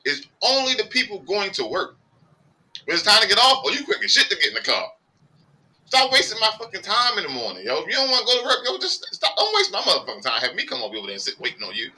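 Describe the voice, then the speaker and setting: A man hosting a laid-back podcast, his voice bright and sharp with big swings in pitch. He curses freely and gets worked up as he talks. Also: fast, poor audio. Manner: profane, animated, laughing often. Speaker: podcast host. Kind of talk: casual podcast chat.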